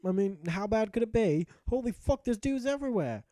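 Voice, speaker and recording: Brash profane knight, pitched high and dry, put on by a man narrating. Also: lively intonation, fairly quick, dark tone, no room sound. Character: cocky foul-mouthed male knight warrior. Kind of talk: mock-epic gameplay narration.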